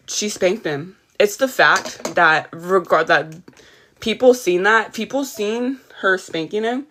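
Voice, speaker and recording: A livestream host with a mid-range, somewhat bright voice rants emphatically during a casual stream. She sounds a little tired but heated, and she keeps greeting her chat.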